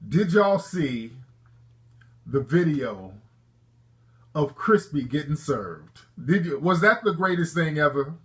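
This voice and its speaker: With a voice on the high side and lively intonation, this male host speaks slowly and pauses often. Running a call-in show, he jokes brashly, leans on street slang, and lectures his callers.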